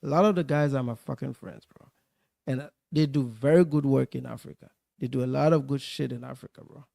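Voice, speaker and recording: A man's voice: medium pitch, brisk, gravelly, mellow, no room sound, clean studio sound. A man ranting casually in a clip, profane and dismissive, full of slang.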